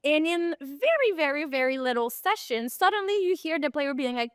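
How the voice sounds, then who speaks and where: A woman guest on a podcast interview, a performance coach telling animated stories and sometimes searching for words. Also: high voice, normal speed, few pauses, no echo, studio quality.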